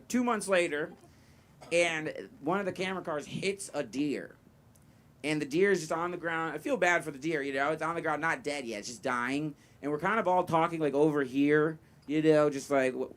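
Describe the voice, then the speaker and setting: Man, young adult, stand-up comedian, slightly high pitch, rambling delivery, lots of swearing. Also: fairly quick. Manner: loose, rambling storytelling with lots of fillers and swearing. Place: live comedy venue with audience. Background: audience laughter.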